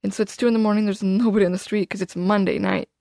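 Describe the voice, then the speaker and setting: A woman guest on a casual podcast, talking at a rapid clip. Her voice has a gravelly, fry-tinged texture and the sound is dry and close. She tumbles through her story with constant "like" and half-started sentences. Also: mid-range voice, dry recording. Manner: rapid, animated, full of "like" and restarts.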